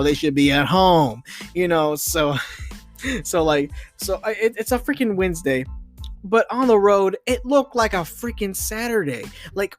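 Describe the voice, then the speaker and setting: Young guy podcasting, rambles and rants, tons of "you know"s, soft music under it. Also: sits high. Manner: rambling, heavy on fillers and restarts; exasperated ranting, swears softly. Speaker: podcast host. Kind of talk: casual late-night storytelling monologue.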